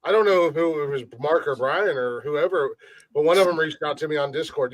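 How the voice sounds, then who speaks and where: A man who hosts a music show himself, talking in a halting way and restarting phrases in a casual podcast chat. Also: a little high, no echo, low-quality recording. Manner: halting, repeats words.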